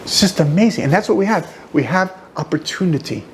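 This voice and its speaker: A man teaching an informal class as a rabbi, an animated storyteller who jokes and goes off on asides. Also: high-pitched, brisk, slight background noise. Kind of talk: informal lecture. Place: study hall.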